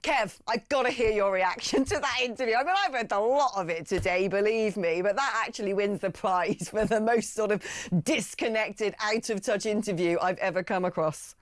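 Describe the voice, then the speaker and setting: A woman hosts a talk radio show with scorn in her voice. Her delivery is animated and opinionated. The sound is dry and close, with no room around it. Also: mid-range voice, moderate pace, few pauses, no echo.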